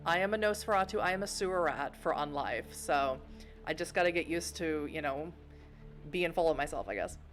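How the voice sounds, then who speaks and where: A woman's voice: low-pitched, fairly quick, soft background music. A woman streaming at home, reading a story game aloud and chatting in self-deprecating asides.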